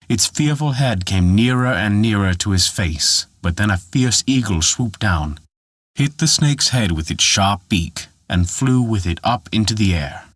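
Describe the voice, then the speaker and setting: A man narrating a folk tale in an expressive, animated storytelling manner. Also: on the low side, husky, no echo, studio quality.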